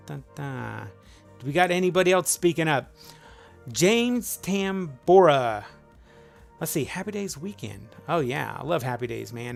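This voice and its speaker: A man's voice: fairly high pitch, creaky, fairly bright tone. A middle-aged man hosting a casual live trivia stream, rambling and upbeat as he greets viewers by name.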